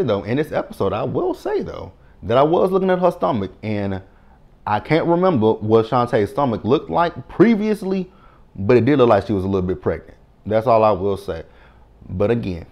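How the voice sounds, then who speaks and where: A man hosting a casual recap, chatty and quick to laugh, swearing freely. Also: fairly low pitch, darkish tone. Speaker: recap host.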